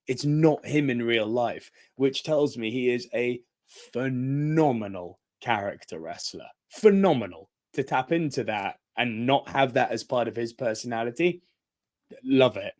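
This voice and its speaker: Lively man telling a story. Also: mid-range voice, measured pace. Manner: animated, acts out quoted voices, laughs often. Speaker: podcast co-host. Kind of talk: casual storytelling chat.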